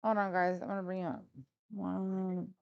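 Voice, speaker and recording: A woman's voice: medium pitch, flat delivery, unhurried, gravelly, clear, resonant tone, dull audio. A woman hosting a casual political live stream indoors, talking bluntly and mocking viewers with plenty of swearing. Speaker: political livestream host. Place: indoors, a hot room. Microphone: live stream on a phone.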